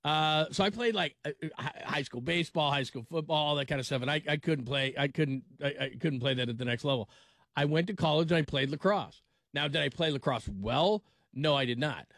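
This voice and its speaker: A man's voice: fairly high pitch, a little fast, fairly bright tone, dry recording, studio quality. A man hosting a late-night sports call-in radio show, rambling and restarting his sentences with frequent laughs. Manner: rambling, self-interrupting, laughs often. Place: radio studio. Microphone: studio microphone.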